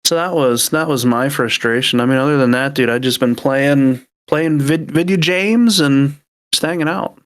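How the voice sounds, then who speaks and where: A man's voice: medium pitch, normal speed, smooth. A man co-hosting a casual podcast, rambling through stories in an exasperated way and restarting his sentences. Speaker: podcast co-host. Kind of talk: casual chat.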